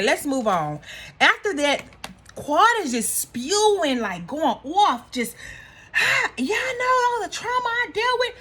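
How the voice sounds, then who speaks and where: Animated high-voiced Houston woman. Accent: Houston, Texas. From Houston, Texas. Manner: emphatic and repetitive, Southern slang. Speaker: reality TV recap vlogger. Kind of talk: casual reaction commentary.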